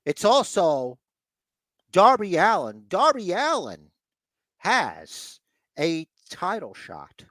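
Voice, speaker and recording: A man's voice: high-pitched, huge pitch swings, takes it slowly, pauses often, pushed and bright, no room sound. A man hosting a casual podcast chat, rambling, blunt and sometimes profane. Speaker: podcast host.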